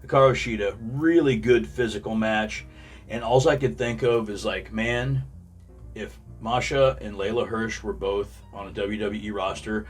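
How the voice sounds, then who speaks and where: Low-voiced guy ranting and cussing about his week, mic kinda far, faint music behind. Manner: profane, blunt, opinionated. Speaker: wrestling commentary podcaster. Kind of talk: casual opinion rant.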